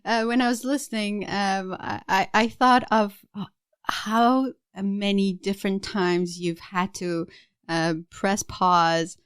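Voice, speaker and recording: A woman's voice: mid-range voice, steady tone, slow, smooth, dry recording. A woman hosts a podcast interview, asking curious, eager questions. Her voice sits mid-range, recorded dry. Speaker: podcast host. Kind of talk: casual interview.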